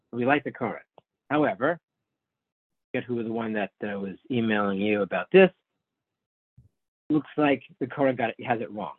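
Explaining Hebrew texts to a small class on a video call, a man goes step by step with patience, calls students by name, and often restarts mid-sentence. His middling pitch carries a breathy edge, and the recording is dry, thin, and phone-like with no room sound.

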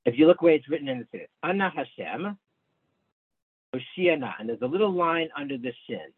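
A class teacher runs an online study session, patiently explaining texts and calling on students by name, often halting and restarting sentences while he thinks. His slightly rough voice is a little high and very fast, captured in a dry, narrow, phone-like recording.

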